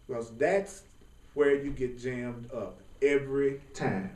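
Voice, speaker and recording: A man giving an informal spiritual class, talking in a lively, colloquial way and often laughing. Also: mid-range voice, takes it slowly. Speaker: spiritual teacher. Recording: roomy sound from a distant mic.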